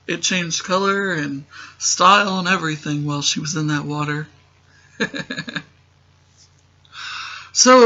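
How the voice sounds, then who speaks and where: Male recapper, sarcastic and rambling, bright voice on a muffled lo-fi recording. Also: sits high. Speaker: show recap host. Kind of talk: casual comedic TV recap. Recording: dull lo-fi recording.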